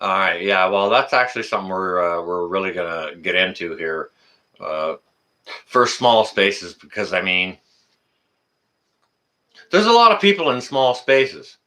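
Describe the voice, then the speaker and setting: A man's voice: low voice, lively intonation, a little slow, pauses often, bright, forceful tone. A man hosting a casual live stream, rambling, teasing his guest and reading out viewer comments.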